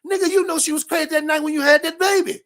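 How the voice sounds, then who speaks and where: A man hosting a show, giving a loud, profane comedic rant full of repeated catchphrases. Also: extremely high pitch, fairly even intonation, racing. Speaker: show host.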